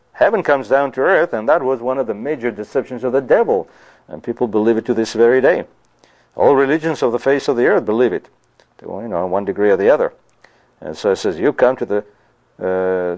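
A man's voice: medium pitch, a little mellow, lo-fi sound. A man preaching a sermon. He reads scripture aloud, comments on it emphatically, and keeps checking in with his listeners by asking "you see?". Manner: emphatic, rhetorical, often asks "you see?".

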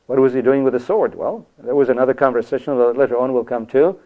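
A man's voice: mid-range voice, fast. Preacher man on a tinny line. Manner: digressive, frequent "you see" and "you know" asides. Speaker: Bible teacher. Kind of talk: verse-by-verse Bible study sermon. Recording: tinny phone-like sound.

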